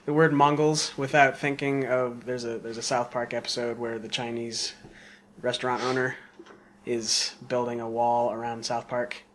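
A man in a casual podcast animatedly retells a funny scene, speaking at mid pitch. Faint noise sits under his voice. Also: level tone, normal speed. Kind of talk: casual chat.

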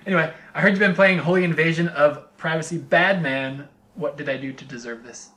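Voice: medium pitch, a little fast, fairly bright tone, slight background noise. A podcast host who keeps asking questions in casual chat and laughs often.

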